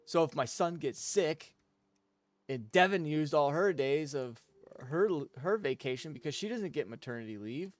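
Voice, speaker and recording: A man's voice: fairly high pitch, lively intonation, moderate pace, dry recording. A young man, chatting casually on a game stream and venting profanely about work. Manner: profane, ranting, venting frustration. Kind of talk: casual gaming stream chat.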